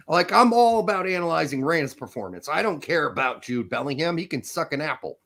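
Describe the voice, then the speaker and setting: A man's voice: on the high side, animated, fairly quick, gravelly, a bit bright. A young man hosting a podcast, rambling energetically and joking with frequent laughs. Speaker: podcast host. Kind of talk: casual chat.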